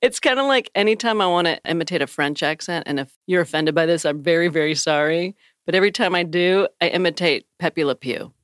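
A woman's voice: fairly low pitch, brisk, few pauses, dry recording, studio quality. A woman co-hosting a podcast in casual chat, joking in a giggly, self-deprecating way. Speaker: podcast co-host.

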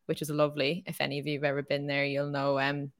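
A woman's voice: low voice, completely flat delivery, fast. An Irish woman co-hosting a podcast, chatting casually with lots of fillers like "like" and "um". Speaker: podcast co-host.

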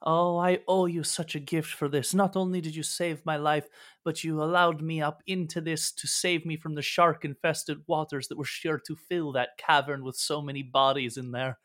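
A lost, fretful woman from beneath the sea pours out her thanks and her longing for home in a lamenting, effusive voice. She sits a little higher than an ordinary speaking voice, performed by a man running a tabletop game. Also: level tone, normal speed, fairly bright tone, close to an everyday voice.

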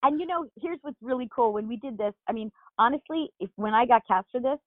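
Here the same kind of guest, a middle-aged actress from Long Island, New York, speaks fast in a high-leaning voice with her local accent. The casual interview is peppered with fillers and restarts, and the recording is dry and tinny like a phone line.

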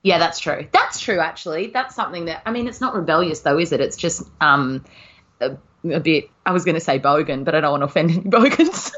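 Lo-fi, animated Australian woman laughing along. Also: low voice, a little fast. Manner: laid-back, laughing, expressive. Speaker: podcast co-host. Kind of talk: casual chat.

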